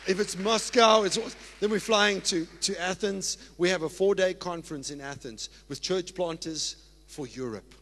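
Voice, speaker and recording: A South African man, a pastor, preaching a sermon in an excited, emphatic way. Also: high-pitched, normal speed, few pauses. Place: church. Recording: long reverb of a church hall.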